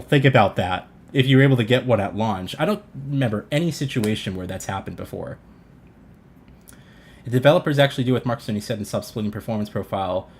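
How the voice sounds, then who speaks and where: A man hosting a livestream, ranting in an exasperated, sarcastic way, swearing and restarting his sentences while answering chat. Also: medium pitch. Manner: reads chat comments aloud and answers them. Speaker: livestream host reacting to a console reveal. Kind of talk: casual livestream rant.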